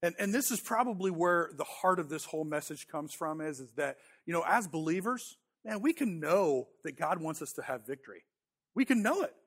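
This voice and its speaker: A pastor in his thirties delivers a sermon in a relaxed, conversational way. His voice sits high for a man. He tells a story about himself with self-deprecating humor, often restarting and repeating words. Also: a little fast.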